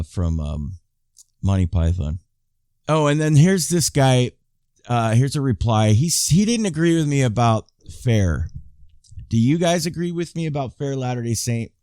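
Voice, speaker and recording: A man's voice: medium pitch, sing-song, measured pace, warm tone, clear, resonant tone, dry recording, studio quality. A man in his fifties giving casual YouTube commentary, reading viewer emails aloud and rambling with frequent restarts and asides to his viewers. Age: 50s.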